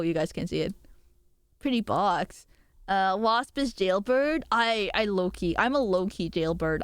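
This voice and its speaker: A young woman streaming, chatting casually and excitably, swearing often and poking fun at herself. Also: mid-range voice, no echo.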